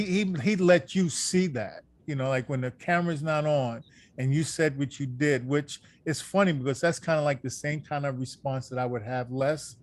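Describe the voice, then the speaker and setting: A man with a fairly high voice hosts a sports talk show, chatting loosely and enthusiastically. His speech is full of "like" and "you know." The recording is dry and close, with no room echo. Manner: loose, filler-heavy, enthusiastic. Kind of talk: casual chat.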